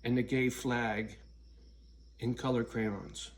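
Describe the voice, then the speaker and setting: A man's voice: medium pitch, little pitch movement, slow, a little hiss or hum. A man ranting bluntly and profanely in a casual vlog, alone at home. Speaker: vlogger. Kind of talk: casual rant to camera.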